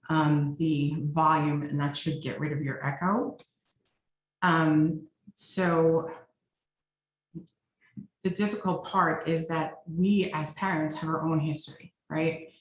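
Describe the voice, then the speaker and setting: A middle-aged woman therapist talks over a video call in a low voice. She explains in a conversational way and keeps checking in with her listener. The sound comes from an echoey room with faint noise behind it. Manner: explanatory, often checks in with "right?". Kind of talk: conversational teaching talk.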